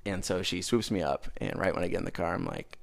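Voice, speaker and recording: Young guy, low gravelly voice, rambling storyteller, gets loud at the big moments, casual garage chat. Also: quick pace. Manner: rambling, animated, gets loud when telling the punchline. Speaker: podcast host telling a story. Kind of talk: casual storytelling over beers.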